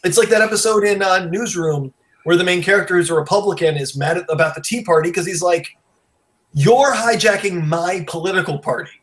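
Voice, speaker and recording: A man hosting a casual podcast chat, wired on coffee, rushed and rambling, blunt and profane. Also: sits high, a bit bright. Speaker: podcast host.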